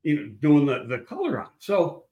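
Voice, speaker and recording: A man's voice: a little high, wildly swooping pitch, normal speed, a little mellow, echoey room, highs cut off. An older man, a guest in a casual chat, telling blunt, rambling football stories with swearing and restarts. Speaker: guest, former football scout.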